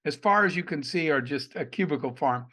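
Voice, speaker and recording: A middle-aged man from Arizona, an entrepreneur guest on a podcast, telling animated stories and acting out the dialogue. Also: fairly high pitch, fairly quick. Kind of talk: storytelling in a podcast interview.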